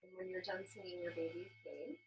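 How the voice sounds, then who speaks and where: A young woman teaching a baby yoga class, explaining gently and encouragingly with frequent "um" fillers. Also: fairly low pitch, level tone, fairly quick, lo-fi sound, a little hiss or hum. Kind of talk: instructional class narration.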